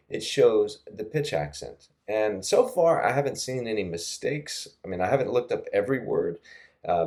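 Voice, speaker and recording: A middle-aged man with a low, mellow voice walks through a screen-recorded language tutorial. He talks in a casual, chatty way, full of fillers and soft laughs, close to a desktop mic. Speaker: language teacher.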